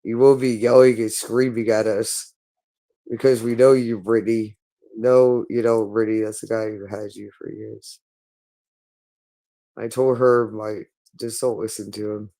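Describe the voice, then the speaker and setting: A man's voice: lowish voice, level tone, a little slow, mellow. A man speaking in a hostile, repetitive monologue, berating someone and swearing constantly. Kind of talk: angry monologue.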